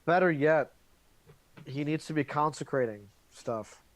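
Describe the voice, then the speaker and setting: A man's voice: on the high side, noisy background. A man playing a tabletop game, talking casually and often restarting words as he thinks. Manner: halting, repeats words while thinking. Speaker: player.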